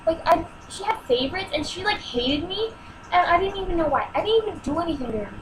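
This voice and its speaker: A woman's voice: very high voice, expressive, quick pace, background noise. A teenage girl telling a personal story in a home vlog, exasperated and emotional as she acts out what people said. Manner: emotional, exasperated retelling with acted-out quotes.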